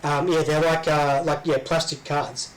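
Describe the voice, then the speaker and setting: Chatty Australian man, slightly high. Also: little pitch movement, moderate pace, rough recording. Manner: rambling, full of ums and restarts. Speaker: podcast co-host. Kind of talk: casual chat.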